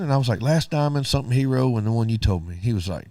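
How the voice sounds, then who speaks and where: A man's voice: mid-range voice, very fast, warm tone, no echo, studio quality. A middle-aged man, co-hosting a radio show and telling a story casually while acting out both sides of the dialogue.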